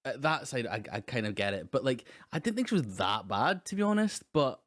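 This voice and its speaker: A man co-hosting a film podcast, talking in a hesitant, measured way with lots of fillers. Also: medium pitch, very animated, a bit bright. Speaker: podcast co-host. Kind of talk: casual film discussion.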